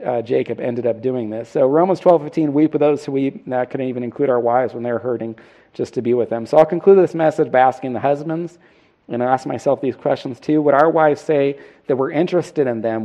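A man's voice: medium pitch, warm tone, lo-fi sound. A middle-aged man preaching a sermon, earnest and self-deprecating, putting questions to the congregation. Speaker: pastor.

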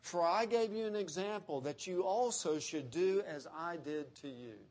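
Emphatic male preacher, higher voice. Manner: emphatic, slows down to quote scripture. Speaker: pastor. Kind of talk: expository sermon.

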